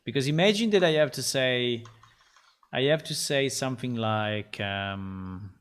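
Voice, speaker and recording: A man who is a game developer, chatting casually on a livestream while he codes, halting and repeating himself with many fillers. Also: mid-range voice, clean tone.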